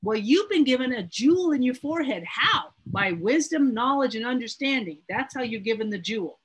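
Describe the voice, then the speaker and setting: Woman Bible teacher, husky, higher voice, earnest and emphatic. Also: expressive, brisk, rough recording. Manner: earnest, emphatic, repeats words. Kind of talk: teaching a Bible study class.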